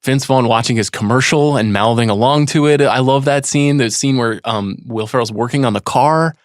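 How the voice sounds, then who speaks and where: A man's voice: mid-range voice, normal speed, dry recording, clean studio sound. A man co-hosting a casual movie podcast, musing aloud and breaking off his own sentences. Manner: musing, self-interrupting. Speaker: podcast co-host.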